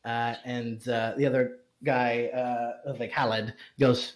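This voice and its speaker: A man runs a tabletop fantasy game at a middling pitch. He narrates loosely, trailing off and circling back with plenty of fillers. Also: flat delivery. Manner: halting, full of fillers. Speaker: game master.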